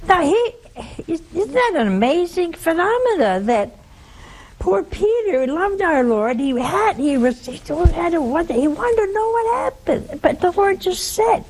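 A woman's voice: very high-pitched, big pitch swings, measured pace, a little mellow. A woman preaching a sermon, telling a story in a conversational way and asking the audience rhetorical questions.

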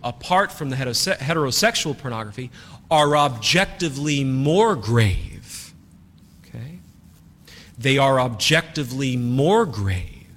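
A man's voice: mid-range voice, a bit bright, long reverb tail. A man preaching as a priest, who talks emphatically and repeats his key phrases. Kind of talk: sermon.

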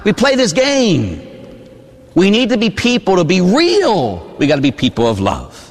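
A priest in his forties from Pittsburgh, preaching a sermon with animated storytelling and asides to the congregation. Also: high voice, unhurried, in a large hall. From Pittsburgh, USA. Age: 40s. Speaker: Catholic priest. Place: church.

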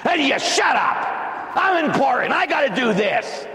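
A man's voice: very high-pitched, big pitch swings, moderate pace, pushed and bright, echoey room, big-room sound, voice pushed up, exaggerated voice. A man voicing a lazy, self-important male churchgoer who complains in a whiny, dismissive way.

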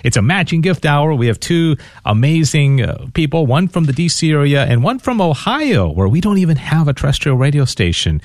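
A man hosting a live radio pledge drive, upbeat and joking, who also leads a measured, reverent prayer. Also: a little high, very animated, no echo, studio quality. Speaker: radio host.

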